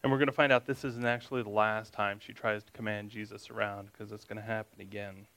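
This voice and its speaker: A man's voice: lowish voice, flat delivery, quick pace, gravelly, a bit bright, low-quality recording. A man teaching a Bible study. He reads scripture aloud, then explains it in a conversational way and asks his listeners questions.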